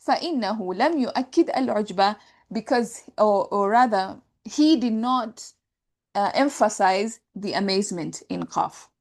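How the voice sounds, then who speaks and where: A woman with a fairly high voice teaches a grammar class. She walks through each term patiently and keeps checking that her students follow. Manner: explains step by step, checks understanding with "right?". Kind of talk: classroom lecture.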